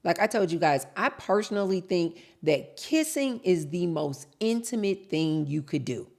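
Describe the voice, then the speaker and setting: A woman vlogger with a lowish, darkish voice chats animatedly at normal speed. Telling her viewers ("you guys") a story, she plays out both sides of the dialogue.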